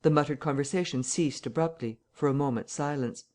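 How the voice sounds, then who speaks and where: A man reading a classic novel aloud as audiobook narration, measured and steady. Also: on the high side.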